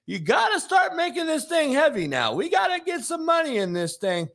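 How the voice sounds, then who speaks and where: A man's voice: huge pitch swings, normal speed, vocal fry, fairly bright tone, exaggerated voice. Man doing a greedy televangelist, raised voice, sleazy wheedling, bouncy delivery. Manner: sleazy, wheedling sales pitch. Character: greedy money-grabbing male televangelist preacher.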